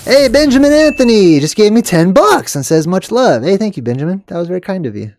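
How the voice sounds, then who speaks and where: Soft music plays behind a man whose high, sing-song voice moves at a brisk clip. He hosts a video and talks over news clips in a loose, rambling way, laughing and swinging from loud lines to muttered asides.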